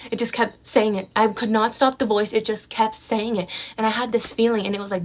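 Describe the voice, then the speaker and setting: A young woman vlogger shares a personal story in a casual chat, her voice on the high side as she talks fast with hardly any pauses. She tells it animatedly, sprinkling in "like" and "right?" constantly.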